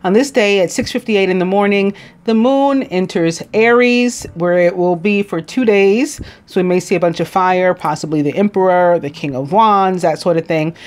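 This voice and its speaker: A woman's voice: fairly low pitch, moderate pace. New York woman reading daily notes. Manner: reads list aloud, stumbles on names, asides with a laugh. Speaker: tarot reader.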